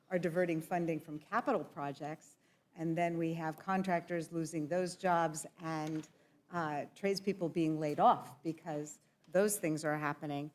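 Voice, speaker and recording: A woman's voice: lowish voice, darkish tone. A woman on a congressional committee, speaking earnestly with fillers while losing her voice. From southeastern Pennsylvania. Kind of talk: committee hearing remarks. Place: hearing room.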